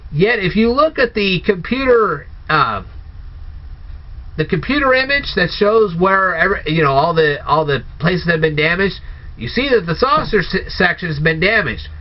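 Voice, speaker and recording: Incredulous man with a lively high voice. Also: a little slow, long pauses. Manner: incredulous, rhetorical questioning, sarcastic. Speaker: movie reviewer. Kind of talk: casual spoken review. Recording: dull lo-fi recording.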